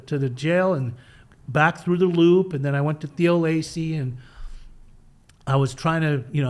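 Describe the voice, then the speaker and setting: Animated man telling his story. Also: fairly high pitch. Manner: animated, acts out quoted voices, swears casually. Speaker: guest sharing his recovery story. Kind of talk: candid conversational storytelling.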